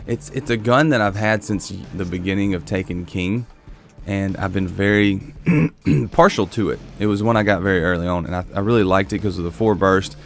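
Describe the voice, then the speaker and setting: A man with a very low, gravelly voice chats casually over gameplay, thinking aloud as he goes. His delivery is relaxed and unhurried. Soft music plays faintly underneath. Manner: relaxed, musing, thinks aloud while browsing weapons. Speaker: gaming video host.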